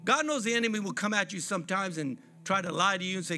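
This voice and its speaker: At a church service, a man preaches fervently and repetitively, calling out to the congregation in call-and-response phrasing. His voice sits high and is bright and forceful, and he talks fast with few pauses over soft background music.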